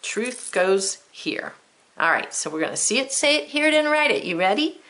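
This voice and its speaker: A woman's voice: on the high side, big pitch swings, normal speed, pushed and bright. A woman teaching a children's spelling lesson, who spells words letter by letter and thinks aloud, step by step, in a patient way.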